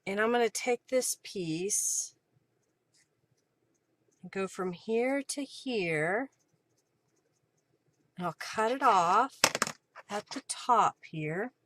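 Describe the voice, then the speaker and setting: A woman's voice: medium pitch, animated, extremely slow, pauses often, fairly bright tone, no room sound. A woman hosting a live crafting stream, chatting to viewers by name while narrating each step. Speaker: craft livestream host. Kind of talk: live crafting demo and chat.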